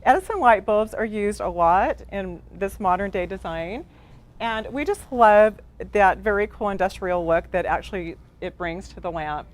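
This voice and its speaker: A woman's voice: mid-range voice, expressive, moderate pace. A woman co-hosting a home decor class, agreeable and enthusiastic about the pieces. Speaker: co-host designer.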